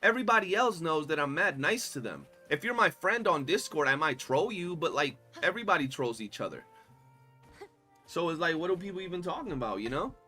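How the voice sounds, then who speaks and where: A young man livestreaming a game, talking in a loose, animated, slangy way and swearing often. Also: on the high side, brisk, faint music behind. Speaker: streamer. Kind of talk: casual gaming livestream chat.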